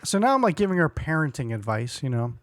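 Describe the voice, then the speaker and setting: A man in his forties tells a rambling story on a podcast and acts out every line of dialogue. His voice sits a bit high. The sound is dry and close. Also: fast, no echo. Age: 40s. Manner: animated storyteller, acts out quotes, laughs often. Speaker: podcast co-host. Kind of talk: casual chat, storytelling.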